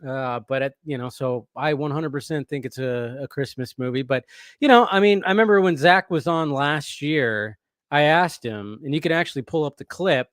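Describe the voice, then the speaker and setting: A man's voice: a little high, moderate pace, a bit bright, no echo, studio quality. A man hosting a casual movie-news live stream, rambling, restarting his sentences and reading viewers' messages aloud. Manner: rambling, restarts often, reads chat aloud.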